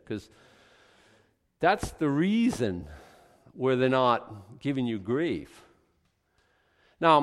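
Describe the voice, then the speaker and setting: Animated preaching pastor in a reverberant church. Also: male voice, mid-range voice. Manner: animated, conversational preaching with sarcastic asides. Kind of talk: expository sermon. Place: church sanctuary.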